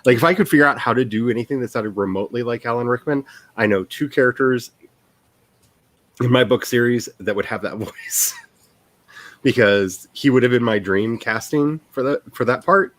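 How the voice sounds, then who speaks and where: A man's voice: medium pitch, moderate pace, a bit bright, dry recording. A man who writes books, hosting a casual stream chat in a rambling, self-deprecating way and laughing often.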